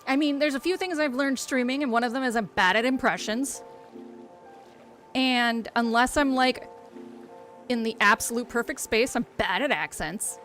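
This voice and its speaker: A woman's voice: a little high, normal speed, fairly bright tone, faint music behind. A woman streamer chatting casually while she plays, teasing her friend and swearing freely. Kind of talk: casual live-stream chat while gaming.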